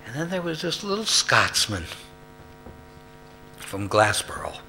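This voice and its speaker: Bright-voiced man telling a story. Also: medium pitch, sing-song, a little slow, a little hiss or hum. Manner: emphatic, rising to loud peaks. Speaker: speaker at a recovery meeting. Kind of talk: personal storytelling share.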